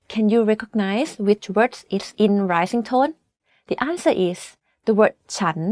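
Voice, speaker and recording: A native Thai-speaking woman teaching a scripted language lesson, explaining clearly and carefully with example words. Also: fairly high pitch, no echo, studio quality.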